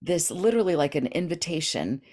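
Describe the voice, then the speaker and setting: A middle-aged woman, a guest author, telling a story in an interview and acting out the voices of the people in it. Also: fairly quick. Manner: animated, acts out quoted voices with big pitch jumps. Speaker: guest author and dream expert.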